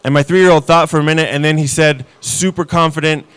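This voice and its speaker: Deadpan self-mocking stand-up comic man. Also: a little high, a little fast, clean tone. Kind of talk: stand-up comedy set.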